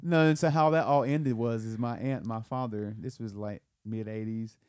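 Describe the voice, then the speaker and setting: A man's voice: mid-range voice, fairly even intonation, moderate pace, a little mellow, clear, resonant tone, dry recording, studio quality. A man from the American South co-hosting a podcast, telling a family story in a rambling way with restarts and laughs. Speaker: podcast co-host. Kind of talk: casual chat.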